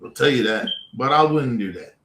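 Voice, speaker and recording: A man's voice: medium pitch, moderate pace, fairly bright tone, a little hiss or hum. A man hosting a livestream, confronting trolls in the chat in a heated, profane rant. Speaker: livestream host. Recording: echoey room.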